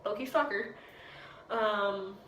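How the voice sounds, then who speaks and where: A woman's voice: mid-range voice, takes it slowly, fairly bright tone. Chatty teenage girl, echoey room. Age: teens. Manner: rambling, chatty, quotes people in voices. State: speaking with a retainer. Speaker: vlogger. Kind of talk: casual storytelling vlog.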